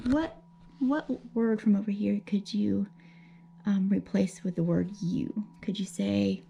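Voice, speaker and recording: Patient elementary teacher, woman, dark mellow voice, slow and gentle explaining to kids. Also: mid-range voice, vocal fry, husky, muffled recording. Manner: gentle, patient, explaining slowly with many checks like okay. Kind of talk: remote grammar lesson for young children.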